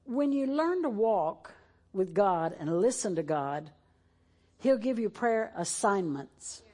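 A woman's voice: mid-range voice, big pitch swings, slow, mellow. A woman preaching a sermon in a church, moving between fervent exhortation and tearful emotion. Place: church sanctuary, televised.

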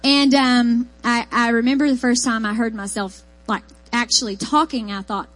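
A woman with an East Texas accent, preaching a sermon in a folksy, animated storytelling way. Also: a little high, measured pace, dry recording, low-quality recording.

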